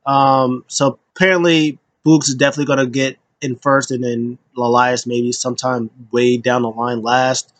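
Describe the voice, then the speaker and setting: A man's voice: medium pitch, little pitch movement, moderate pace, few pauses, fairly bright tone, no echo. A man hosting a casual solo wrestling recap, rambling with lots of fillers and slipping into quoted voices. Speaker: wrestling show recap host.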